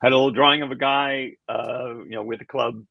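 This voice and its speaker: A man's voice: mid-range voice, steady tone, fairly quick, vocal fry, dry recording. An older man, an animation creator, telling rambling anecdotes in a casual interview, chuckling and acting out quoted voices. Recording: dull lo-fi sound.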